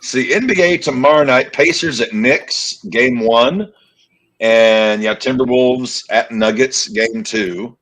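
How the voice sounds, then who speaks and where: Husky man calling plays on a podcast. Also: medium pitch, slow pace, a bit bright, poor audio. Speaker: podcast co-host. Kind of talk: casual sports chat with play-by-play calls.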